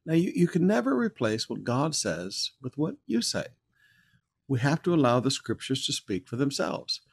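A man preaches through a scripture passage in an easygoing, conversational teaching voice. His pitch sits in the middle of the male range, and he turns forceful and emphatic whenever he reads the verses aloud. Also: very animated, normal speed, vocal fry, slight background noise. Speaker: pastor. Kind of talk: verse-by-verse sermon.

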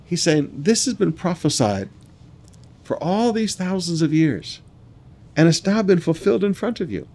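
Male preacher, fairly high voice, slow scripture reading, quick chuckling asides. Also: sing-song, darkish tone. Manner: reads scripture slowly, then adds quick asides with laughs. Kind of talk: sermon reading and expounding scripture.

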